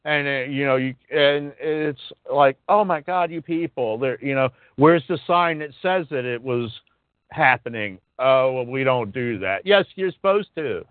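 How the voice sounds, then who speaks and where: A man's voice: medium pitch, lively intonation, a little slow, no echo. Ranting man on a tinny line. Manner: ranting, indignant, swears. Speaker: radio show co-host. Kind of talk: casual talk radio chat. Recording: dry, tinny phone-like sound.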